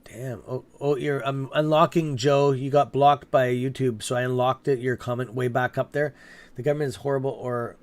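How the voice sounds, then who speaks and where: A man's voice: mid-range voice, steady tone, normal speed. A man hosting a live stock-trading stream, chatting casually, reacting to viewer comments and swearing openly when annoyed. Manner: chatty, reacts aloud to the chat. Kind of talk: casual livestream chat reading viewer comments.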